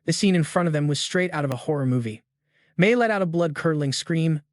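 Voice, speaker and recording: A man's voice: fairly high pitch, fairly quick, dry recording, studio quality. Slangy man recapping a comic story. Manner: slangy, chatty, playful asides. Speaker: recap narrator. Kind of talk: casual story recap narration.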